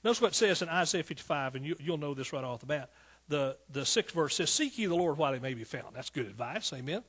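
A man's voice: fairly high pitch, lively intonation, fast talker, a bit bright, husky. A man preaching a sermon in a fervent, rhythmic way, often calling out to his listeners. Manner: fervent, rhythmic preaching with repeated calls to the congregation.

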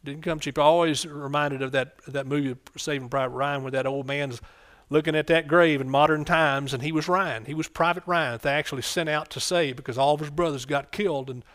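A middle-aged man preaches with a voice pitched a little above most men's. He is fervent and keeps calling out for amens. He drops to quiet asides, then rises into loud bursts. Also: fairly even intonation, fairly quick, hardly any pauses. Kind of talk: sermon.

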